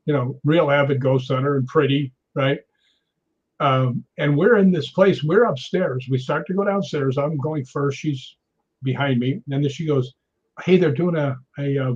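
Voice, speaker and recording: A man's voice: medium pitch, husky. A man casually telling a ghost-hunting anecdote, acting out the lines of others and laughing often. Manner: animated, acts out quotes, laughs often. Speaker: guest storyteller. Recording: dull lo-fi sound.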